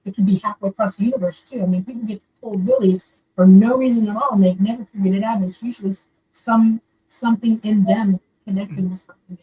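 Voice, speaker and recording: The older woman on the line, from Florida, talks fast with few pauses in a steady, warm, mid-range voice. She earnestly rambles through a personal story in a casual way. The recording is muffled, made on a distant mic with faint background noise.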